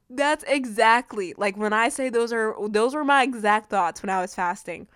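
A woman hosting a casual Bible teaching, animated and often laughing as she acts out her own frustration. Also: high voice, moderate pace, dry recording, studio quality. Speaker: Christian video host.

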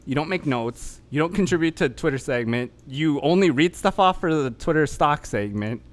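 A man's voice: on the high side, animated, moderate pace. A young man co-hosting a casual podcast, rowdy and laughing, breaking into rap lines. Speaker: podcast co-host. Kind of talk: casual chat.

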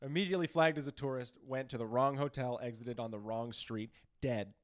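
A man's voice: mid-range voice, a little fast. A man co-hosting a casual comedy podcast, laughing often and riffing along on crude jokes. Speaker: podcast co-host.

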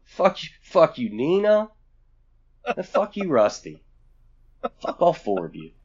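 A man's voice: a little high, huge pitch swings, slow, darkish tone, husky, lo-fi sound. A man co-hosting a casual podcast chat, blunt and profane, rambling from one thought to the next. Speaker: podcast co-host.

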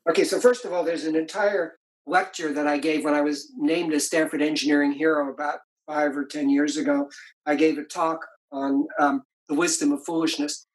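A man's voice: a little high, steady tone, normal speed, rough recording. An older man, an author being interviewed, reflectively telling stories about his marriage in a conversational way. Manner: reflective, tells anecdotes with many restarts. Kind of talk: storytelling in conversation.

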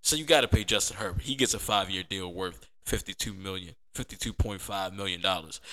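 Bright-voiced man talking football. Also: low-pitched, a little fast, hardly any pauses. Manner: animated, conversational, repeats himself for emphasis. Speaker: podcast host. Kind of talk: casual sports commentary.

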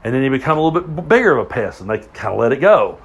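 A man's voice: medium pitch, big pitch swings, very fast, breathy edge. A man in his forties with a Southern US accent, hosting a podcast and mixing a political rant with rambling, profane stories. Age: 40s. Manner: profane, emphatic, rambling with restarts. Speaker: podcast host.

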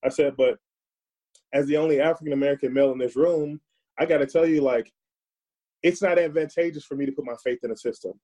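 A man's voice: a little high, fast, warm tone, low-quality recording. A man speaking earnestly and emphatically as a guest in a casual discussion, often repeating words as he thinks.

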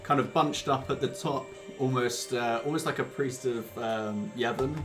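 A man narrates as game master of a tabletop role-playing game. His voice sits at a middle pitch, and he hesitates often, stringing descriptions together with ums and uhs. Music plays clearly in the background. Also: normal speed.

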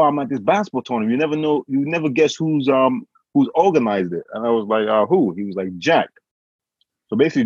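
A man from England telling a story in a casual conversation, animated, acting out what others said. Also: on the low side, slightly rough, no echo. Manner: animated, quotes others with voice changes. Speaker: guest. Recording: dull, dry sound.

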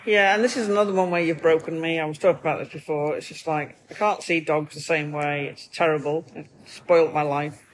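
A man in a casual podcast chat, talking in an animated way and acting out little scenes. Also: fairly high pitch, brisk, slight background noise.

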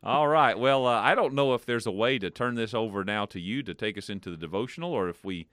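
A man co-hosting a devotional show, telling jokes in a playful, animated way. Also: fairly low pitch, fast talker, no room sound, studio quality. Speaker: co-host. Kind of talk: casual chat, telling jokes.

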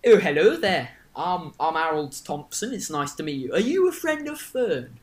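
A man's voice: sits high, big pitch swings, slow pace, echoey room, full character voice. A man voicing an eager, fawning male innkeeper in a raised voice with a put-on accent. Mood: friendly.

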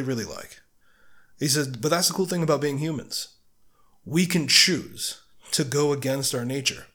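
A man's voice: fairly high pitch, a bit bright. A man hosting a casual solo podcast book review, talking in a blunt, profane, argumentative way and firing rhetorical questions at the listener. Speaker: podcast host.

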